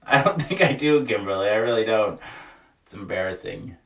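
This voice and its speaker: Man streaming from a small sauna, lowish voice, laughs a lot, frank jokey host, boomy and echoey, off the mic. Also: lively intonation, moderate pace, creaky, a bit bright, distant mic. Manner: laughs often, joking and frank. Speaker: livestream host. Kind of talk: casual chat reading viewer comments aloud. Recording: echoey room, voice away from mic.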